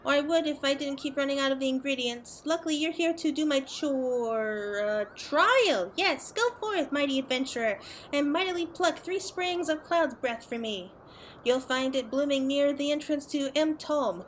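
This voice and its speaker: A woman voicing a fussy little Moogle alchemist in a game, in a chirpy, squeaky put-on voice. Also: animated, normal speed, slight background noise. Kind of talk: reading game dialogue aloud.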